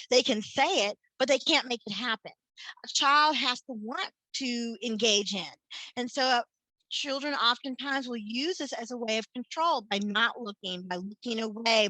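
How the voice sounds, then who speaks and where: A woman's voice: a little high, bright, forceful tone, no room sound, rough recording. A woman family therapist giving a workshop talk, earnest and explanatory, often restarting and repeating words as she works through ideas.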